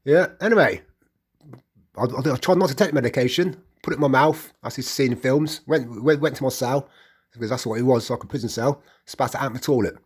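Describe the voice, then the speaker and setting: Husky rambling West Midlands man. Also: medium pitch, a little fast. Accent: West Midlands English. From England. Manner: rambling, repetitive, with stammered restarts. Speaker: vlogger. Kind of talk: casual personal account.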